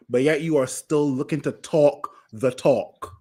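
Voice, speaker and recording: A man's voice: mid-range voice, unhurried, hardly any pauses, mellow. A man ranting furiously as a fan panelist on a podcast, repeating himself and swearing. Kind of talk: angry fan rant on a podcast.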